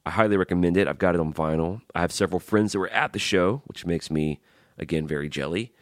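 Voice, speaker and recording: A man's voice: deep voice, quick pace, no room sound, clean studio sound. A man hosting a podcast, giving enthusiastic, chatty commentary on songs with self-deprecating asides. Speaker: podcast host. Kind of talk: casual radio-style music commentary.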